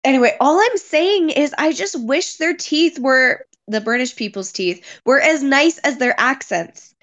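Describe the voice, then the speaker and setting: A woman's voice: sits high, lively intonation, measured pace, fairly bright tone. A woman playing a vain, catty young woman who makes crude jokes. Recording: dull lo-fi sound.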